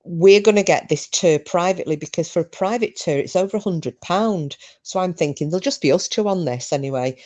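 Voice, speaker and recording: A woman's voice: low voice, dark tone. A woman hosting a podcast, telling a story in a chatty, rambling way with frequent ums. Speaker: podcast host. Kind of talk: casual chat.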